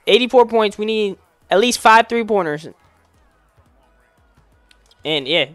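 A young man talks through a basketball video game in relaxed slang, cheering on his players and hollering at misses. His voice sits high and sounds bright and smooth. It is recorded close and dry, with faint music playing underneath. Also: fairly quick, long pauses, no room sound. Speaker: gaming YouTuber. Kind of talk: casual gameplay commentary.

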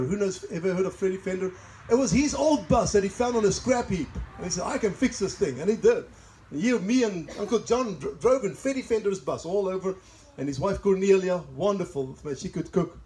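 High-voiced South African pastor, mellow tone. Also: male voice, slight background noise, rough recording. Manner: chatty, laughs at own asides. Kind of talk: sermon with personal stories. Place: church service in a greenhouse.

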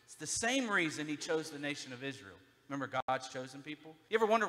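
A man preaching a sermon as a pastor, moving between hushed, intimate passages and loud, driving emphasis, speaking from a church stage. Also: mid-range voice, sing-song, fast talker, long reverb tail. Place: church sanctuary.

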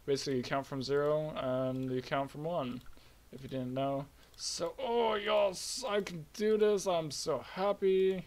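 An excitable young man with a slightly high voice, talking his way through his own game project. He rambles and jumps into gleeful squeals now and then, but his delivery stays slow and unhurried between them. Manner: excitable, rambling, bursts of high-pitched glee. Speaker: hobby game developer. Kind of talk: casual screen-recorded devlog.

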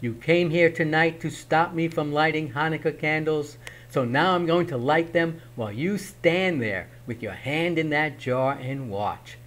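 A man voicing a clever, bold young hero who speaks in a lively, teasing way. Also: a little high, a little slow.

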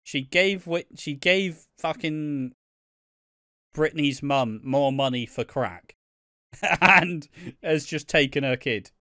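A man co-hosting a podcast, recapping a soap opera in casual, sweary, animated rants. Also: fairly high pitch, slow pace, dry recording, clean studio sound. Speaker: podcast co-host.

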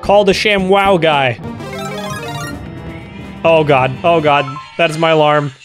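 A young man giving comedic let's-play commentary, joking and breaking into sudden loud outbursts. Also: a little high, takes it slowly. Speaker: gaming YouTuber. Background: game music.

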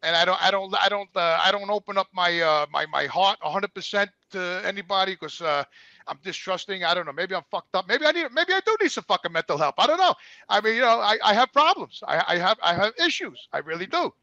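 A man's voice: sits high, expressive, fast, creaky, pushed and bright, no echo, dull audio. A middle-aged man telling personal stories on a podcast, profane and stammering, repeating words and acting out what others said. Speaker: guest. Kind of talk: candid podcast storytelling.

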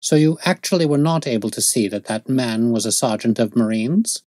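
A man voicing a self-assured detective who lectures in a crisp, raised voice as he reads a story aloud. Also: mid-range voice, lively intonation, normal speed, darkish tone, no room sound, clean studio sound, natural voice. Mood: explaining. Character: brisk, aloof male detective, self-assured.

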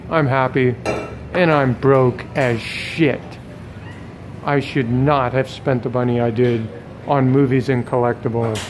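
Excitable high-voiced man vlogging on the street. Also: slight background noise. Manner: excitable, self-scolding, swears casually. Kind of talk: handheld street vlog. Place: city street outdoors. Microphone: handheld camera at arm's length.

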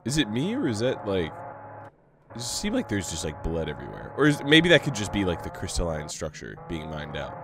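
A man's voice: low-pitched, huge pitch swings, fairly quick, background noise. A young man giving casual, sarcastic let's play commentary, reading game text aloud and swearing now and then. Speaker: gamer. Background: game music.

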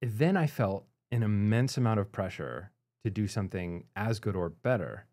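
A man hosting a podcast, reflecting in a measured way and asking open questions. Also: on the low side, lively intonation, a little mellow. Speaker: podcast host. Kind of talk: conversational interview.

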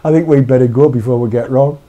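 Jokey man, mellow voice. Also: mid-range voice, quick pace, muffled recording. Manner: jokey, chatty, animated asides. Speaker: co-host of a vaping talk show. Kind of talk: casual live-stream chat.

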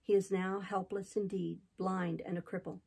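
A chatty old innkeeper rambles through a grim tale, solemn yet eager to tell it all, with a woman reading him aloud. The voice is warm and low-toned, with a gravelly, husky grain. It comes from a classic novel audiobook. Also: little pitch movement, moderate pace, low-quality recording. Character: gossipy older male innkeeper, talkative and solemn.

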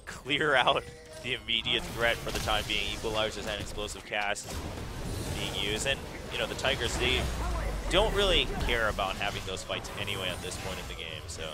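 A man casting a video game match, playing by play and getting much louder and higher when fights break out. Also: moderate pace, loud music behind the voice. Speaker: esports caster. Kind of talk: play-by-play commentary.

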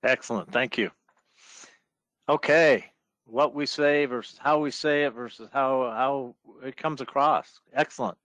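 Slow, measured male webinar moderator. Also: medium pitch, a bit bright, no room sound. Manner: measured, summarizing, hands questions to panelists. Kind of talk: business webinar discussion. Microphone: video call.

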